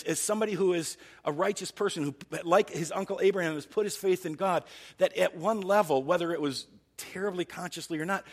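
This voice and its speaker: A man's voice: high-pitched, creaky, fairly bright tone, slightly rough, long reverb tail. A man preaching a sermon as pastor, earnest and thinking aloud, often restarting his sentences.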